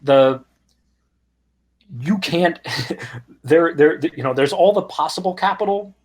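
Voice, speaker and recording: A middle-aged man, a guest in an interview, telling anecdotes in an animated, conversational way. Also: a little high, slow pace. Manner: animated anecdotes with quoted voices and laughs. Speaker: guest, music startup founder. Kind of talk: conversational storytelling.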